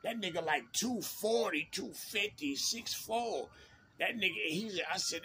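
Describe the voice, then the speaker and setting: A man's voice: sits high, lively intonation, measured pace, creaky, bright, forceful tone, slight background noise. A man, casually telling a prison story in laid-back street slang and repeating himself.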